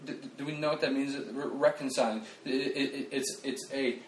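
A man preaching a casual sermon, animated and conversational, joking at his own expense and restarting his sentences often. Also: medium pitch, normal speed, a little hiss or hum. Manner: animated, conversational, self-deprecating, with frequent restarts and fillers. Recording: roomy, distant mic, faint ambience.

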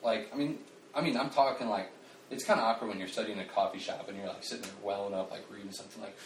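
Roomy, distant sermon from a lively man. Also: fairly low pitch, quick pace, a little hiss or hum. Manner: animated, conversational, self-deprecating, with frequent restarts and fillers. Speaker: preacher. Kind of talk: casual sermon. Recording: roomy, distant mic, faint ambience.

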